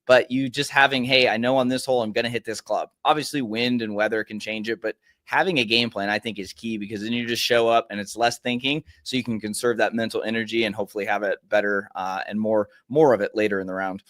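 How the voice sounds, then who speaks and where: A man's voice: fairly low pitch, fast, few pauses, dry recording, clean studio sound. A man from Oregon, a golf mental coach, talking in a podcast interview and explaining his game strategy at length. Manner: animated, explains strategy in long runs.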